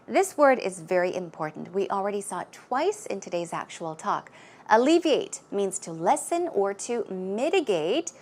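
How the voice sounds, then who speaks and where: A woman teaching English vocabulary, patiently repeating words so learners can practise pronunciation. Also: fairly high pitch. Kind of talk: explaining vocabulary in a lesson.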